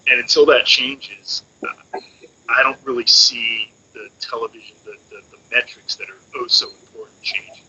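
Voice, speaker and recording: Male co-host, very bright sharp tone, halting delivery, lo-fi hissy line. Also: medium pitch, steady tone. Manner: halting, many restarts and fillers. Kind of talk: casual discussion podcast. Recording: dull lo-fi audio with faint hiss.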